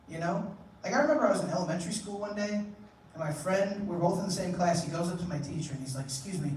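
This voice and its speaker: A man's voice: sits high, darkish tone, recorded from a distance. Man doing stand-up in a roomy club. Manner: crude, conversational storytelling with acted-out quotes. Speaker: stand-up comedian. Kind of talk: stand-up comedy set. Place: comedy club stage. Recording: roomy live club recording, noisy. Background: audience laughter.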